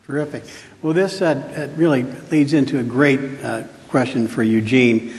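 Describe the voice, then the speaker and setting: A man's voice: mid-range voice, steady tone, moderate pace, a little mellow. Chatty male panel moderator in a hall. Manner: chatty, joking, with fillers. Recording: reverberant hall.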